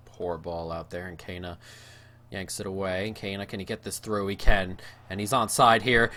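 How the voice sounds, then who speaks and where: A gaming YouTuber gives live play-by-play of his own football video game match. He swings between excited shouts when goals go in and low, gloomy muttering over mistakes.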